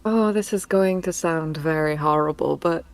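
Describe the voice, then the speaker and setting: A woman co-hosting a casual live stream, explaining her thinking in a thoughtful, measured way. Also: low voice, no room sound. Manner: thoughtful, measured, laughs softly. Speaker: co-host and voice actress.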